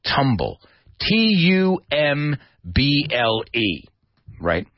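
A man hosting a radio English lesson as DJ and teacher, animated and demonstrative, spelling out words and acting out their meanings. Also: medium pitch, very slow, no room sound, dull audio. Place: radio studio.

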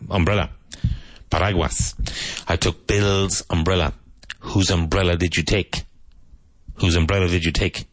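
A man teaching on the radio, repeating example sentences slowly and deliberately. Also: low-pitched, no room sound. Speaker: English teacher. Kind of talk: radio English lesson, drilling phrases.

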